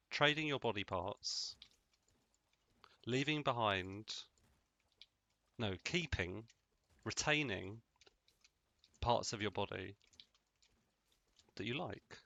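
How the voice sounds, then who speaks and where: Let's-play host, man, low voice with a bright edge, rambling and deadpan. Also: takes it slowly, gravelly, pauses often, no echo. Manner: rambling, jokey, deadpan asides. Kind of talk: casual gameplay commentary.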